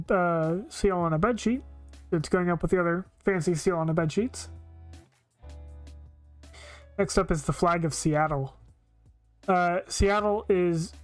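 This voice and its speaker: A woman's voice: lowish voice, no room sound. A woman streaming live, giving blunt, opinionated casual commentary with frequent filler words.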